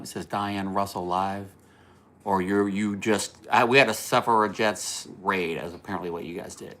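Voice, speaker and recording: A man's voice: fairly low pitch, fairly bright tone. A man hosting a casual livestream, rambling through a story, laughing at his own jokes and answering viewer comments. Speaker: livestream host.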